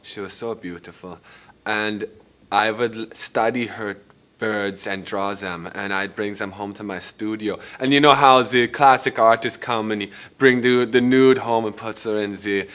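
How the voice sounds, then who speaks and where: A man's voice: lowish voice, fairly even intonation, measured pace, a bit bright, clear, resonant tone. A man playing a rambling eccentric painter, Hieronymus Bosch. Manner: casual, rambling, crude. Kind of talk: mockumentary interview.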